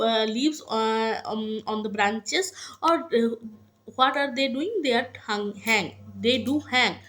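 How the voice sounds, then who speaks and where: Slow, hesitant Indian woman teacher. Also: on the high side. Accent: Indian English. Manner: hesitant, many fillers and restarts. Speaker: literature teacher. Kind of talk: slow lecture explaining a poem.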